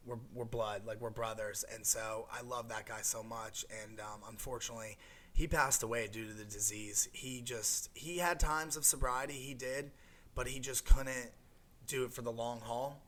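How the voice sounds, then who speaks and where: A young adult man recounts his own story with a bright, forward voice. He rambles, restarts and fills gaps with "you know" and "um" as he speaks. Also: mid-range voice, steady tone, normal speed. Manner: rambling, many fillers and restarts. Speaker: guest sharing a recovery story. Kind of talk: emotional personal testimony.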